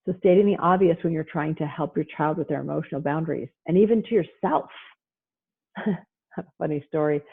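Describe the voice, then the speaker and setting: A woman psychologist delivers a lively parenting talk with a slightly husky voice. She is animated and slips into playful voices for parents and children. The sound is thin and tinny, like a phone line on a video call. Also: low voice, brisk. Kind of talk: lively lecture with acted-out quotes.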